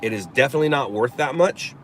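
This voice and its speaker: A middle-aged man with a relaxed Southern Californian accent chats to his live audience, talking in a slow, even, almost robotic cadence. His pitch sits right in the middle for a man. Other voices and chatter are clearly audible in the background of the stream. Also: poor audio. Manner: slow, deliberate dictation-like delivery he calls monotone. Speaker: livestream host. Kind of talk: casual live chat reading viewer comments.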